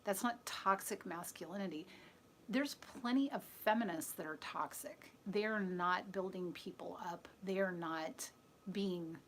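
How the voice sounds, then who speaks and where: A woman talks unhurriedly to her live-stream audience, earnest and chatty as she answers viewers' comments. She often sinks to a soft near-whisper, and a faint hum of ambience sits behind her voice. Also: on the low side, unhurried. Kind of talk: casual opinionated monologue.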